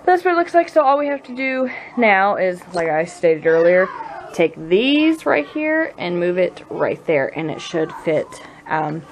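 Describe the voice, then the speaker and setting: A woman's voice: fairly low pitch, a little slow, a little hiss or hum. A woman in her thirties with a Southern US accent, chatting casually at home in a vlog and often laughing. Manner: laughing storyteller, animated impressions. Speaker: vlogger, mother. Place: home, indoors.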